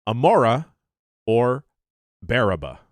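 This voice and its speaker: A man's voice: medium pitch, very animated, slow, no echo. A man hosting a podcast, reading out quiz questions in a wry, casual way. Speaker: podcast host running a quiz.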